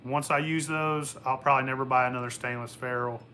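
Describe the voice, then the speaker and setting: A man's voice: mid-range voice, fairly even intonation, fast, bright, forceful tone, slight background noise. A young man hosting his moonshine-making vlog, talking loosely with lots of swearing and laughter. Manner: profane, rambling, laughs often. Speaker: moonshine channel host. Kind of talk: casual workshop vlog.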